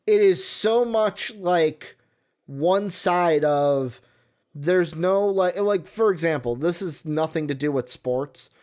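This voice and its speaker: A man's voice: on the high side, takes it slowly, clean tone. A man hosting a sports talk show, rambling and getting heated as he talks. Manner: heated, rambling, animated when worked up.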